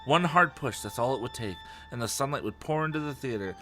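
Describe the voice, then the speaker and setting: A man reading a book aloud on a podcast, laughing often and dropping low for the lines of dialogue. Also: animated, fairly quick, pushed and bright, faint music behind. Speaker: podcast host. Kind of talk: casual reading aloud with jokes.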